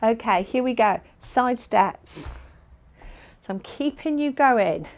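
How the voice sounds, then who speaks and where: A woman's voice: fairly high pitch, animated, slow. A woman leading a fitness class, giving upbeat, encouraging and playful instructions. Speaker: exercise instructor.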